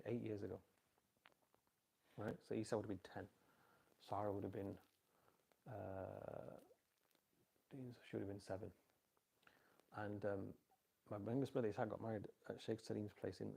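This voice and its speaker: A middle-aged man gives an informal religious talk on parenting to a live audience, relaxed and conversational, often asking listeners to repeat his point back. His everyday-pitch voice is gravelly, creaky, and a little husky, with a moderate pace and frequent pauses. He tells stories with animated quoted voices.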